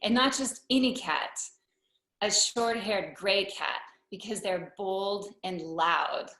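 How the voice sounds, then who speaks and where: A woman telling a personal story live on stage, unhurried and wry, with deadpan asides. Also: medium pitch. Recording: roomy hall echo.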